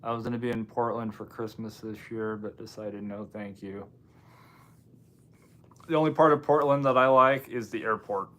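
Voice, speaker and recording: Reading out viewer comments on a casual livestream, this Washington State host responds in an easygoing, offhand way with dry side remarks. His voice is lowish and a bit bright, with fairly even intonation at a normal speed.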